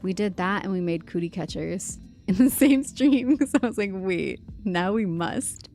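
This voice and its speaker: A woman's voice: mid-range voice, animated, moderate pace, dark tone, soft background music. A woman livestreaming a game, chatting in a rambling, chatty way with lots of fillers. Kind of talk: casual livestream chat while gaming.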